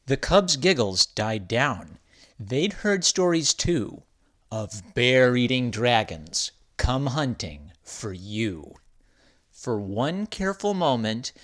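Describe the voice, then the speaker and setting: A man reading a rhyming children's story aloud in an expressive, sing-song way. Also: medium pitch, slow pace.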